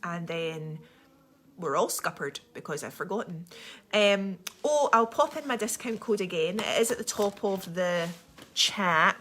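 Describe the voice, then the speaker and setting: Young scottish woman hosting a live stream, talks super fast with lots of ums, lowish voice. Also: animated, fairly bright tone, a little hiss or hum. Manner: fast, chatty, rambling with many ums. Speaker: livestream host. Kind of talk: casual livestream chat.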